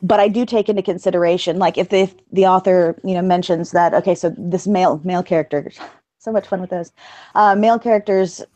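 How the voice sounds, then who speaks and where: A woman with a fairly low voice talks casually about her narration work as an interview guest. She is chatty and laughs easily, often poking fun at herself. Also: steady tone, brisk, warm tone, no room sound.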